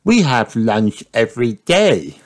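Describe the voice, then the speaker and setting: A man's voice: medium pitch, big pitch swings, slow, voice pushed up. A man voicing a cheerful little girl piglet in a storybook read-aloud, with an eager, chirpy, questioning manner. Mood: complaining.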